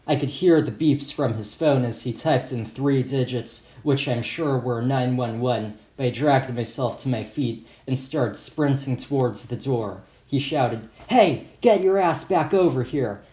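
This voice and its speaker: A man's voice: medium pitch, a little slow, few pauses, mellow. A man reading his own first-person story as an audiobook in a plain, matter-of-fact way. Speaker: author and narrator. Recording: roomy echo.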